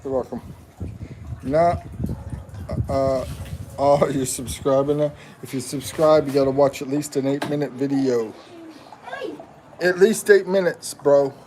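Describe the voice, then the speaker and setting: An American man in his fifties hosts a casual livestream, joking with viewers as he reads their comments aloud. His voice is medium in pitch and a little slow, with long pauses, and the background is noisy.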